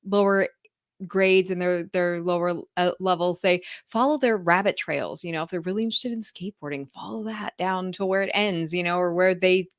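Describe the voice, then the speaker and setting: A woman's voice: on the low side, normal speed, no echo, clean studio sound. A woman hosting a podcast, chatting casually, laughing easily and asking follow-up questions. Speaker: podcast host.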